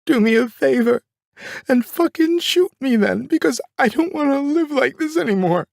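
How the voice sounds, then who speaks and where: A man voicing a furious, defiant young mother who screams in a hoarse, guttural voice. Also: extremely high pitch, expressive, normal speed, no room sound, clean studio sound, pitched above the performer's own voice, exaggerated voice.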